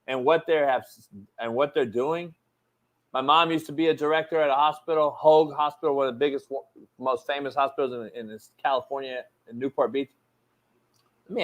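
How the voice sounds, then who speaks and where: A man's voice: on the high side, bright, forceful tone. A man hosting a sports talk show in a heated rant. He swears constantly and talks in loose street slang.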